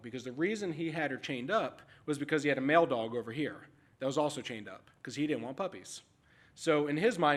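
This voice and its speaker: Animated storytelling man at a conference. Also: fairly high pitch. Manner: animated storytelling, casual and frank. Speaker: animal services manager giving a talk. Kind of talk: conference presentation. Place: conference stage.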